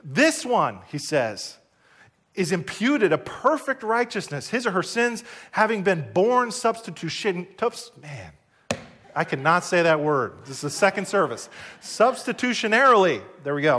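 Male pastor, high voice, emphatic church sermon delivery. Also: sing-song, unhurried, fairly bright tone. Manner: emphatic, rising to high bursts on key points. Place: church service.

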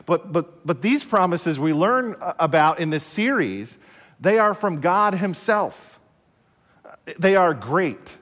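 A male pastor delivers a broadcast sermon in a high, clear voice. He speaks deliberately, repeats his key phrases, and poses rhetorical questions. A long hall reverb trails his words. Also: animated, fairly bright tone.

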